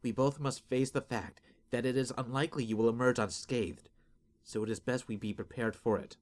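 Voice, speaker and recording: A man's voice: fairly even intonation, fairly quick, lightly acted. A man voicing a devoted young woman healer who sounds anxious yet determined. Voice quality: anxious, determined, higher-pitched.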